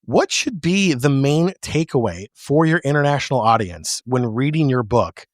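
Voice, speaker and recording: A man's voice: medium pitch, animated, normal speed, no room sound, studio quality. A man from the United States, a podcast co-host, asking earnest questions and laughing easily in a casual interview.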